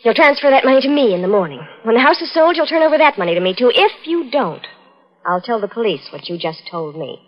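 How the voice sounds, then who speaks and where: A cool, scheming blackmailing fiancée. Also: female voice, on the high side, sing-song, fast talker. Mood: cold. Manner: sweetly coaxing, then cold and cutting. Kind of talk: 1940s radio drama acting. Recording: dull, lo-fi old radio recording.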